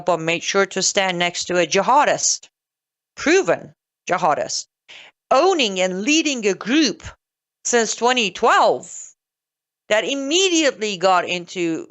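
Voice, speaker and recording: Woman host, solo commentary, punchy and sarcastic, wide pitch swings, talks straight to the audience. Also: a bit bright. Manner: sarcastic, emphatic, addresses listener directly.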